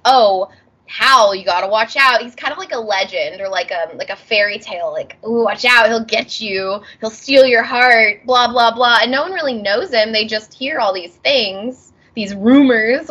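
Podcast co-host, woman, bubbly, bright and breathy tone, acts out the scenes she describes. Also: fairly high pitch, dull audio. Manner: bubbly, acts out characters in quoted voices. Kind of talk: casual chat.

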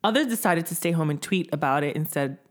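A woman's voice: deep voice, lively intonation, quick pace. A woman co-hosting a casual chat, sarcastic and profane, often laughing as she talks. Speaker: podcast co-host.

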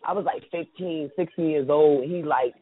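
A man co-hosting a casual chat who talks in an animated way, laughs often and acts out quotes. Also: on the high side, normal speed, slight background noise. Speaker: podcast co-host. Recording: tinny phone-like audio.

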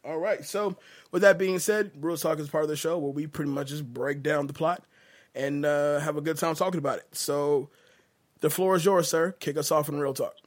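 A man's voice: fairly high pitch, fairly even intonation, moderate pace. Laid-back man hosting a movie podcast. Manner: laid-back, laughs easily, swears casually. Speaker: podcast host. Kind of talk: casual movie podcast chat.

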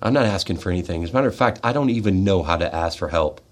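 An American man, a military veteran, delivering a fervent, confrontational monologue in a radio studio, swinging from loud outbursts to quiet, heavy asides. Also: deep voice, lively intonation, racing.

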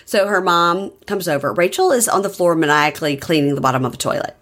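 A woman with a low voice chats casually as a podcast co-host. She retells what happened in an animated way and acts out the quotes as she goes. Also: fast. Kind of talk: casual chat recapping a reality show.

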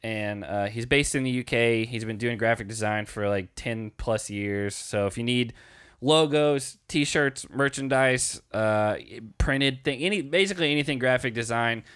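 A male podcast co-host talking casually at a middle pitch, his voice close and dry with no room sound. He rambles through plugs and announcements, stopping often on filler words. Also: a little slow, fairly bright tone, clear, resonant tone, dry recording.

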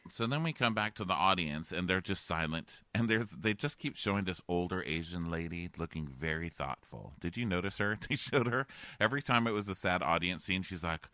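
A man co-hosting a casual recap chat, animated and acting out quotes in exaggerated voices. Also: low-pitched, moderate pace, no echo. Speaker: podcast co-host.

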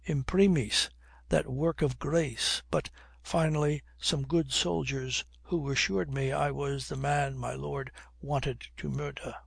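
A man's voice: a little high, fairly even intonation, slow pace, creaky, breathy edge, no room sound, studio quality, full character voice. A man voicing an impudent, brash young man who mocks everyone with old-fashioned oaths, in a storybook reading. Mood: mocking. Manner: impudent, flippant, period oaths.

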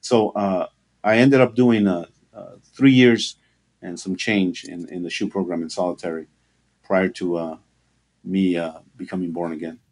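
A man giving an earnest personal testimony in an interview, halting and full of fillers. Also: deep voice, fairly even intonation, darkish tone. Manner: halting, with frequent fillers and restarts; earnest, with occasional laughter. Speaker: interview guest.

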